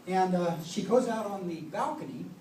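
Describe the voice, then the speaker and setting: A man's voice: high voice, animated, moderate pace, dark tone. A middle-aged man delivering a eulogy and telling humorous stories about his father. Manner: storytelling, humorous anecdotes. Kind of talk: eulogy speech. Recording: echoey room, distant mic, background noise.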